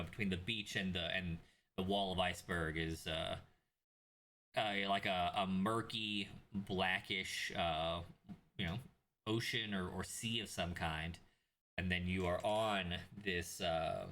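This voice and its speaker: A young man runs a tabletop game, his low voice ringing bright and forward. He narrates in a loose, rambling way, stopping often on fillers and restarts. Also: slight background noise. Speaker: game master.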